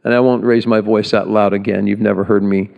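A male pastor praying and preaching a conversational sermon before communion, earnest, with pauses and restarts. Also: lowish voice, flat delivery, vocal fry, muffled recording. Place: large church hall. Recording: echoey hall reverb.

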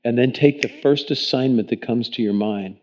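A man's voice: medium pitch, normal speed, a little mellow. A man, the pastor, thanks the speaker and urges the congregation to pray. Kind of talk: sermon. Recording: dull, muffled sound.

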